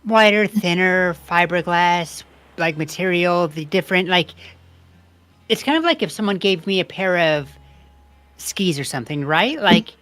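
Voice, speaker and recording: A woman's voice: lowish voice, animated, measured pace, fairly bright tone, no room sound. A young woman streamer chatting while she plays a game, rambling and reading the on-screen text aloud. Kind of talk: casual gameplay commentary.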